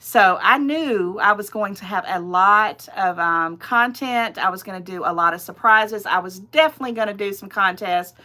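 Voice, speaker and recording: Middle-aged female host, bright voice, rambling, casual livestream chat. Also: medium pitch, normal speed, hardly any pauses. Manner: chatty, rambling, digressive. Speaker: channel host.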